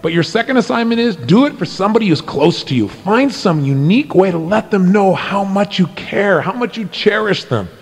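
Gravelly, animated middle-aged man. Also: high voice, moderate pace, few pauses. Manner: animated storytelling, swinging from excited to hushed and earnest. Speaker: motivational speaker. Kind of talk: motivational talk with personal stories.

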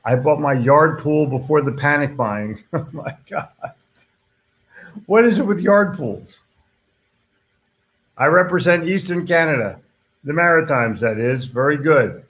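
A man's voice: fairly high pitch, a little slow, pauses often, a bit bright. A man hosting a casual live stream, reading viewer comments aloud and reacting to them in a blunt, chatty way with casual swearing.

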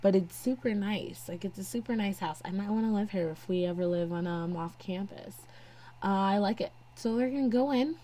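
A young woman narrates a casual let's-play, talking to her game characters as she goes. Her voice is medium-pitched, brisk and dark in tone. Faint game music plays in the background.

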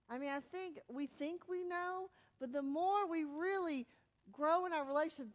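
A woman pastor with a high, light voice preaches a sermon. She talks in a loose, conversational way, growing animated and then dropping to a hushed, soft delivery.

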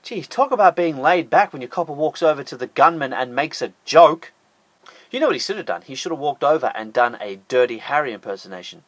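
A man's voice: a little high, lively intonation, fairly quick, fairly bright tone, dry recording. An Australian man narrating a scripted top-ten list with sarcastic, jokey asides.

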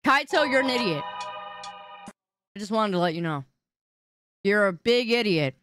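A woman's voice: mid-range voice, expressive, normal speed, a bit bright, soft background music. A woman streamer in casual live-stream chat, whiny and indignant as she bickers with her chat.

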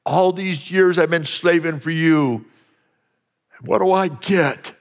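A preacher voicing a bitter, resentful older brother. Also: male voice, fairly high pitch, slow pace, long reverb tail. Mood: indignant. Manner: indignant, complaining.

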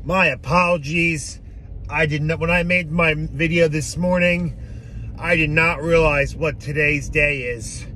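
A man's voice: on the high side, fairly even intonation, unhurried, bright, forceful tone, slight background noise. A man ranting angrily and profanely on a fan vlog, recorded on a phone in a car. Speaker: sports fan vlogger.

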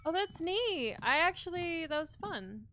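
A woman's voice: very high voice, very animated, measured pace, pushed and bright, a little hiss or hum. A young woman streaming a horror game, swearing freely, reacting jumpily and talking to her chat. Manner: profane, jumpy, talks to chat. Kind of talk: horror game let's play. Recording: game music behind voice.

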